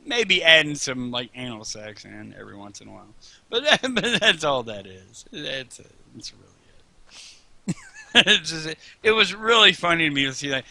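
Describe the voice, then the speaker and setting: Bright-voiced man, joking and profane. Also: mid-range voice, dry recording. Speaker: host. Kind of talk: casual chat over gameplay.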